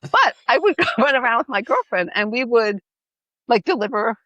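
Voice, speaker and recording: A middle-aged woman from New York, co-hosting a podcast and telling animated, laughing stories in casual chat. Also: a little high, normal speed, no room sound, dull audio. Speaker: podcast co-host.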